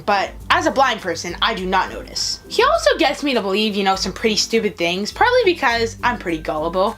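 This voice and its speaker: A woman's voice: a little high, a bit bright. A woman hosting her own channel, chatting casually and telling stories while answering viewer questions. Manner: chatty, storytelling, frequent "like" fillers. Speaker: vlogger host.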